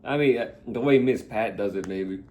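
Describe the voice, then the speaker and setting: A man's voice: on the low side, normal speed, darkish tone, a little hiss or hum. A young man co-hosting a podcast, laid-back and agreeable in casual chat. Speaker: podcast co-host.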